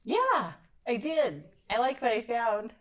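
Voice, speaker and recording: A middle-aged woman from Idaho talks as a guest on a podcast. She tells her stories with animated energy and laughter, slipping into the voices of the people in them. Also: fairly high pitch, slow pace, rough recording. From Idaho, USA. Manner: animated, laughing storyteller who acts out dialogue. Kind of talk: casual storytelling interview.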